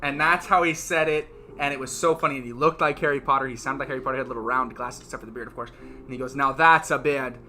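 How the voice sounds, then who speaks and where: A man's voice: medium pitch, fairly even intonation, very fast, pushed and bright. A man co-hosting a casual couple's chat, telling stories and laughing often. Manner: chatty storyteller, laughs often. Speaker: co-host.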